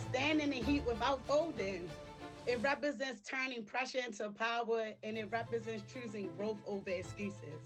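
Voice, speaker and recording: A woman reading a prepared acceptance speech for a streaming award, emotional and near tears. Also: a little high. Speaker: live-stream creator receiving an award.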